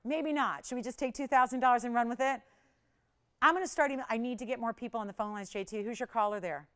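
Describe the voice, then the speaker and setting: A woman hosting a live TV jewelry shopping show, chatty and animated, laughing often and counting prices down. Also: on the high side, fast talker, smooth. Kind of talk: live TV sales pitch. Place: TV shopping studio.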